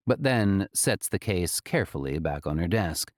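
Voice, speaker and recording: A man narrating an audiobook in an expressive, dramatic way. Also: low voice, normal speed, few pauses, no room sound, studio quality.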